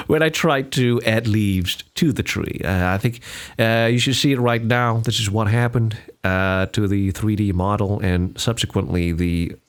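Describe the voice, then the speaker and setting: Slow, gravelly young man. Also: fairly low pitch. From Singapore. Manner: rambling and self-deprecating, with many restarts. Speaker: podcast host. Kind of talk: casual solo podcast chat.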